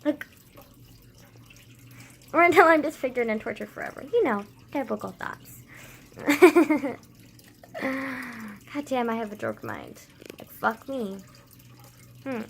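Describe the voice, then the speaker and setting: A woman's voice: fairly high pitch, creaky, slight background noise. A young woman vlogging casually, rambling with lots of fillers and frequent swearing, self-deprecating.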